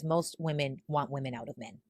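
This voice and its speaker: A woman on a podcast panel, explaining her views in a measured way and acting out both partners in her examples. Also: rumbling low, no room sound, clean studio sound.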